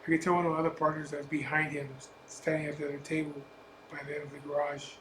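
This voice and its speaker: This biker vlogger talks fast in a fairly high, flat voice as he recounts a personal story. His casual telling is blunt, emphatic, and full of profanity, recorded in an echoey room with faint background noise.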